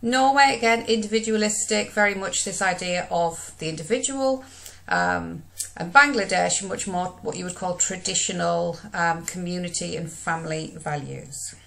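A woman's voice: fairly low pitch, lively intonation, moderate pace, gravelly, fairly bright tone. A woman, giving a recorded lesson over slides in a conversational manner with frequent fillers. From United Kingdom. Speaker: teacher.

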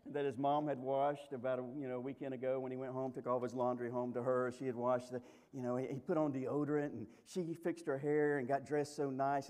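A man's voice: medium pitch, darkish tone. A male pastor preaching a sermon, telling a story in a folksy, humorous way with lots of restarts.

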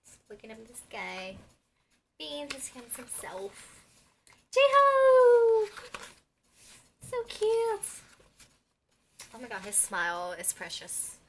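A young woman, unboxing an album as a vlogger and gushing like an excited fan, with squeals and gasps between chatty asides. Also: mid-range voice, normal speed, gravelly, noisy background.

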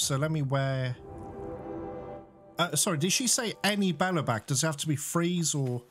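A man talks through his gameplay in a chatty way, with a slightly high voice. He laughs often and gets exasperated when things go wrong. Game music plays clearly behind him. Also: fairly bright tone. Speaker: gaming YouTuber. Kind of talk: let's play commentary.

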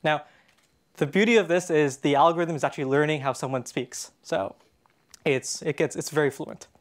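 A man's voice: on the high side, normal speed. Chatty Canadian man giving a conference talk. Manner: casual, chatty, with frequent fillers and restarts. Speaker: conference speaker. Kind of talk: conference presentation. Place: conference stage in a hall.

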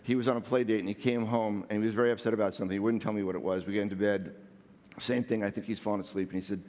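A man's voice: fairly low pitch, steady tone, racing, a little mellow. Man telling stories in a big hall. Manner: self-deprecating and playful. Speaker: speaker. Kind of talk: storytelling talk on stage. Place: large hall.

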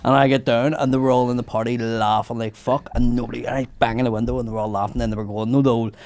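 A man's voice: medium pitch, little pitch movement, fast talker, darkish tone. A young man telling a profane story in casual podcast banter, laughing often. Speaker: podcast host.

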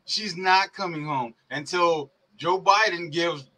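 A man's voice: a little high, slow, bright, forceful tone, rough recording. A young man co-hosting a casual sports podcast, heated and profane, ranting and laughing as he talks. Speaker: podcast co-host.

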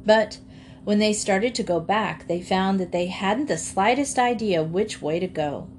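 A woman reading a children's storybook aloud in a clear, expressive way. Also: mid-range voice, measured pace, slight background noise. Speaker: audiobook reader.

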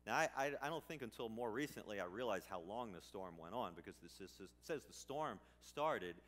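A man's voice: fairly low pitch, expressive, fairly quick, a bit bright. A male pastor preaching a sermon in a conversational way, swinging up into emphatic bursts. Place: church sanctuary. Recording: church hall reverb.

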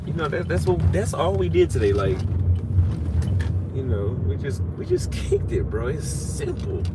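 A man's voice: on the high side, very animated, moderate pace, very noisy. A drunk man in a casual live-stream rant, profane and ranting, out on a city street at night. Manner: profane, ranting, slurring from drink.

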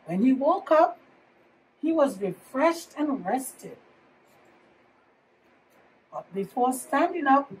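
A woman preschool teacher reading a picture book aloud to children in slow, expressive storytelling. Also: high voice. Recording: distant mic, faint room noise.

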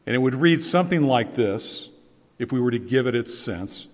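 A man's voice: mid-range voice, expressive, moderate pace. A man preaching a sermon as pastor, earnest and emphatic, repeating his key phrases for weight. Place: church sanctuary. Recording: long church reverb.

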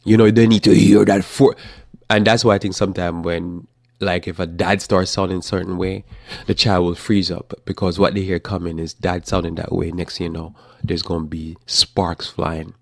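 A man hosting a live Bible teaching talk, speaking informally and acting out parents and children in quick asides. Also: deep voice, creaky, no room sound, studio quality.

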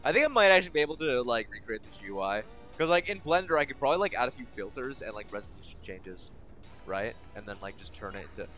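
Young guy streaming a game, rambly and sweary, mid-pitched voice, faint music under him. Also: expressive, fast talker, a bit bright. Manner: rambling, swears often, swings between exasperated and giddy. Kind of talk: casual gaming commentary.

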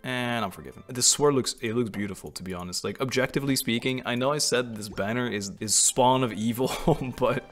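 A man giving excited, casual commentary while playing a video game, often laughing and exclaiming. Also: mid-range voice, fairly quick, hardly any pauses, faint music behind. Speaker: gaming video creator.

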